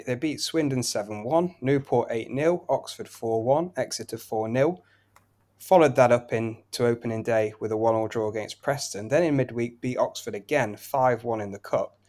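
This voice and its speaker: A betting podcast co-host briskly runs through his football picks, listing scores and odds in long, flowing runs. His middle-pitched, slightly mellow voice keeps this betting tips chat casual and conversational.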